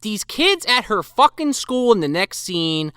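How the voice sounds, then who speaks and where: Bright, lively man recapping a movie. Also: high voice, unhurried, clean tone, no room sound, clean studio sound. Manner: profane, joking plot recaps. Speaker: podcast co-host. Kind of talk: casual movie review chat.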